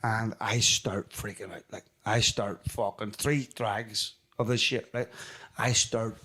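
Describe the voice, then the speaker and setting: A man's voice: on the low side, steady tone, slow pace, bright, forceful tone. A man hosting a comedy podcast, telling a story in a casual way, swearing freely and acting out his own reactions. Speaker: podcast host.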